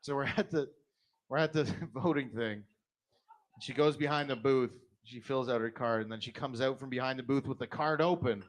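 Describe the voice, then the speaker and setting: A middle-aged man doing a blunt, profane stand-up set, jumping into sudden high put-on voices. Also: moderate pace. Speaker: stand-up comedian.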